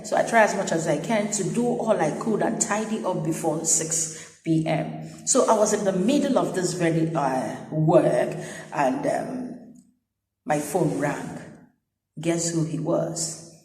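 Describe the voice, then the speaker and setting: Woman telling a story, echoey room. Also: fairly low pitch. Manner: chatty, animated retelling with quoted dialogue. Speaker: news anchor. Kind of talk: casual storytelling vlog. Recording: echoey room with long reverb.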